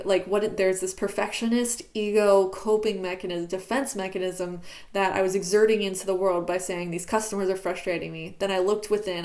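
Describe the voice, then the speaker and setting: A woman's voice: medium pitch, a little mellow. Woman, reflective vlog, candid, searching, fillers, bedroom recording. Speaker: YouTuber. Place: bedroom at home.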